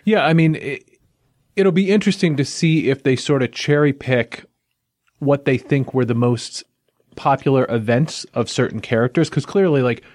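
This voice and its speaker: A man's voice: mid-range voice, moderate pace, no echo. Man hosting a dry, close-miked podcast. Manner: relaxed, chatty, with fillers like "like" and "you know". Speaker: podcast host. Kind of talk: casual podcast review.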